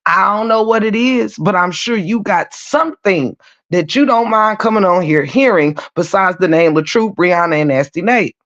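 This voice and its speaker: A woman's voice: mid-range voice, animated, moderate pace. A woman hosts a casual live stream, venting bluntly and with plenty of profanity. Her voice sits in a middle range. The audio is slightly dull and lo-fi. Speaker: livestream host.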